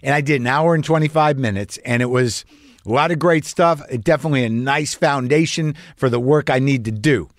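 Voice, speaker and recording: A man's voice: mid-range voice, a little fast, no room sound, clean studio sound. A man hosting a podcast, telling a long story in a profane, rambling, self-questioning way. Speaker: podcast host. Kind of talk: storytelling monologue.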